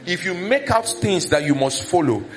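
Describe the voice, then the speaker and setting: Preaching as a pastor, a man with a Nigerian accent speaks in a high voice at normal speed while music plays behind him. He animatedly acts out scolding and village gossip, raising his voice.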